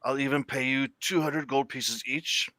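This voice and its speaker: A man's voice: mid-range voice, steady tone, moderate pace, pushed and bright, dry recording, lightly acted. A man voicing an earnest, red-bearded dwarf who owns a brewery.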